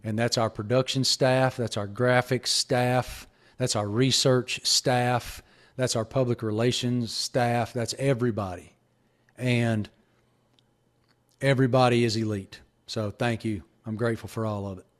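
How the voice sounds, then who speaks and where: A man's voice: mid-range voice, fairly even intonation, a little slow. A middle-aged man with a Southern accent, a sports reporter speaking as a guest, earnest and emphatic, often restarting his phrases. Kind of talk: reflective interview answer.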